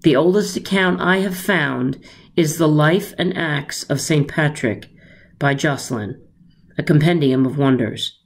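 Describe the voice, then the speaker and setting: A teacher reading a children's story aloud in an expressive, unhurried way. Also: female voice, low-pitched.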